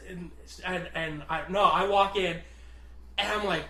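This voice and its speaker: Animated young man in a roomy echo. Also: high-pitched, a little slow. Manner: animated, swears, laughs at his own story. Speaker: podcast co-host. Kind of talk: casual storytelling chat.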